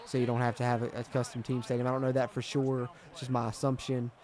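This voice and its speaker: A man's voice: medium pitch, monotone, quick pace, a little mellow. A man chatting through a football video game stream, swinging between frustration and hype as he reads viewer comments. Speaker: gaming streamer. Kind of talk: live gameplay commentary and chat.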